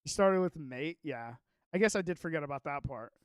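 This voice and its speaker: A man streaming a game, chatting casually, excitable and rambling, often cutting himself off. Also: on the high side, a little fast, clear, resonant tone, no room sound. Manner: excitable, rambling, self-interrupting. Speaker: gaming streamer. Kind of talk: casual livestream chat while playing.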